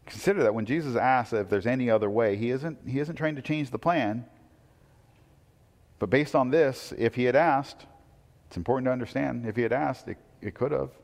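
A man's voice: mid-range voice, normal speed, darkish tone, long reverb tail. A man preaching a conversational sermon, asking rhetorical questions and quoting scripture. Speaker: pastor.

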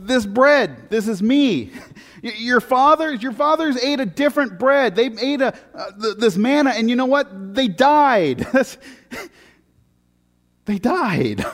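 High-voiced joking preacher in a big hall. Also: male voice, a little slow. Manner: animated and joking, with big swings from loud to very quiet. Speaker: pastor. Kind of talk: sermon.

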